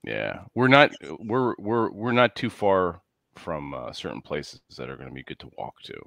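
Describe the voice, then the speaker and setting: A man's voice: low-pitched, sing-song, normal speed, creaky, a bit bright, no echo, clean studio sound. A man co-hosting a casual podcast chat, rambling and laughing as he talks through plans. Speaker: co-host.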